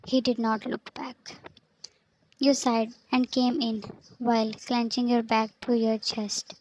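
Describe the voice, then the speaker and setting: Woman narrating fanfic, high, slow, monotone. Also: slight background noise, poor audio. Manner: flat, even reading, speaker tags read aloud.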